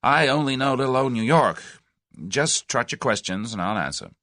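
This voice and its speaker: A man's voice: medium pitch, lively intonation, moderate pace, no room sound, clean studio sound, pitched above the performer's own voice, close to an everyday voice. A man voicing a brash, impatient young American man who talks bluntly. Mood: easygoing. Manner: blunt, forceful.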